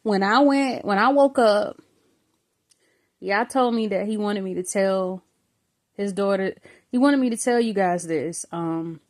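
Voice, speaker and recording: A woman recounts a spiritual vision straight to her viewers in an earnest, conversational way. Her voice sits at a middle pitch, and she pauses with fillers. She turns to the audience now and then as brothers and sisters. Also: a little mellow. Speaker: faith vlogger recounting a vision. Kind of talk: spoken personal testimony.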